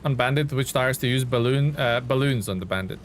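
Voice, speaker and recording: A man's voice: medium pitch, fairly quick, a little hiss or hum. A man streaming a truck-driving game live, giving laid-back, chatty commentary and reading viewer chat aloud.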